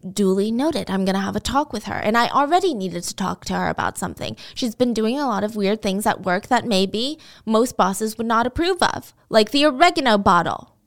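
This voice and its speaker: A woman's voice: mid-range voice, animated, fairly quick, hardly any pauses, natural voice. A woman voicing a curt middle-aged male restaurant manager who speaks in a clipped, offhand way. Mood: matter-of-fact.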